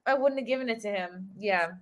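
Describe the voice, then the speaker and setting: A woman hosting a livestream, chatting casually, reacting loudly and reading viewer messages aloud. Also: medium pitch, fast, a crowd in the background. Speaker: livestream host.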